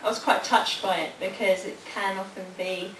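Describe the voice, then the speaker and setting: A woman hosts a library event and reads a poem aloud. She talks quickly and warmly, then slows into a measured recitation. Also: mid-range voice, fairly even intonation, distant mic, a little hiss or hum. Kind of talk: live public poetry reading and thanks. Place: library hall at a lunchtime public event. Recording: echoey hall, voice from afar.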